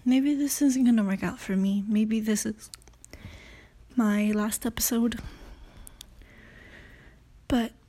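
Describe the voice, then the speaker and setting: A woman's voice: on the high side, fairly even intonation, slow, pauses often, dark tone. A woman in her late teens hosting her own podcast, talking in a rambling, self-conscious way, swearing often and filling gaps with "you know" and "I don't know". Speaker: podcast host. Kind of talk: casual solo podcast talk.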